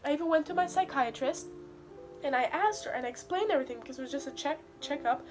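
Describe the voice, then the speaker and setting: A woman's voice: high voice, fast, soft background music. A young woman venting to camera while in pain and close to tears, stressing her words by repeating them. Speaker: vlogger.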